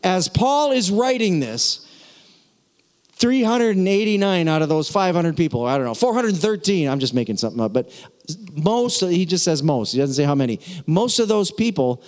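A man preaching a sermon as a pastor, excitable and jokey, breaking into laughs and conversational asides. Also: sits high, normal speed, big-room sound.

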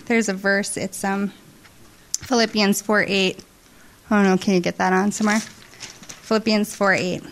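A woman giving an emotional, halting testimony to a church congregation, tearful and heartfelt. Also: medium pitch, gravelly. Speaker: church member sharing testimony. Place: church service.

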